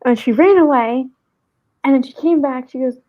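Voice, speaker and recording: A woman with a fairly high voice tells a story in a loose, rambling way, full of fillers. She talks over a video call, and her audio comes through dull and lo-fi. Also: normal speed. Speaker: guest co-host. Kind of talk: casual storytelling on a live stream.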